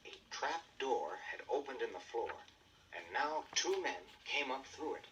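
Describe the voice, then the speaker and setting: A man narrating a children's storybook record with expressive storytelling. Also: mid-range voice, measured pace, recorded from a distance, slight background noise, poor audio.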